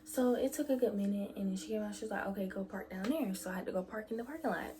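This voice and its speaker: A young woman vlogger chats casually and quickly about her faith, often slipping into soft, whispered asides. Her voice sits in the mid range.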